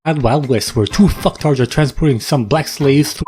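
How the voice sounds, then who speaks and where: A man's voice: medium pitch, normal speed, background noise. A young man narrating comedic movie recaps in a crude, mocking way, often breaking into silly voices.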